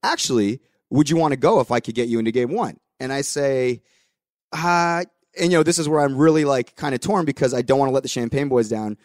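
A man's voice: mid-range voice, a little fast, dry recording, clean studio sound. A young adult man hosting a podcast, telling a story in casual chat with voiced quotes and the odd swear. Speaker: podcast host.

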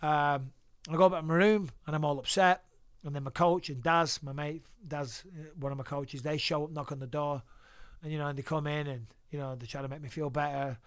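This podcast guest from England has a voice on the high side and a clean tone, and he talks fairly quickly while telling casual stories peppered with swearing. It's an easygoing interview of lively anecdotes, recorded dry in a studio.

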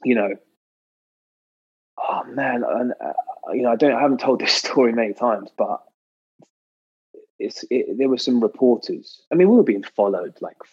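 British guy on a podcast, bit husky, animated storyteller, dull lo-fi sound. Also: moderate pace, long pauses. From Britain. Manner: lively storyteller, acts out quotes with sharp pitch jumps. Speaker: podcast guest. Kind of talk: casual anecdotal chat.

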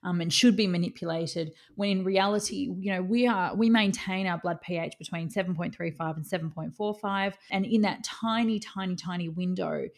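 A woman's voice: lowish voice, moderate pace, few pauses. A woman co-hosting a podcast, chatting casually and scoffing at wellness claims with exasperated asides. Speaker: podcast co-host. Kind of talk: casual critical chat.

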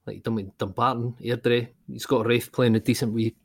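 A man with a Scottish accent co-hosting a casual football podcast, chatty and quick to laugh. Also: medium pitch, little pitch movement, gravelly, husky. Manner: chatty, peppered with "you know", quick to laugh. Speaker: podcast co-host.

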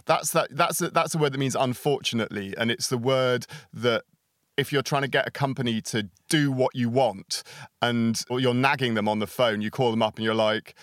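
A man hosting a casual podcast chat, wry and easygoing, often breaking into laughter. His middle-pitched voice sounds close and dry on the mic. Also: moderate pace, no room sound. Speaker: podcast host.

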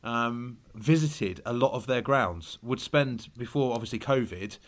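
A man's voice: medium pitch, a little slow. A man co-hosting a casual football podcast, talking in a rambling, hesitant way with many restarts. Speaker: podcast co-host.

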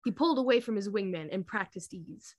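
A woman's voice: mid-range voice, lively intonation, brisk, no room sound. Woman reading fanfiction aloud, dry sound. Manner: reads aloud with frequent laughing asides. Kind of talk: casual podcast reading.

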